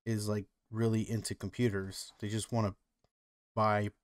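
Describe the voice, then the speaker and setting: A man's voice: fairly low pitch, little pitch movement, moderate pace, no echo. A man co-hosting a podcast, chatting casually and rambling, with lots of "like" and "you know". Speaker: podcast co-host. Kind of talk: casual chat.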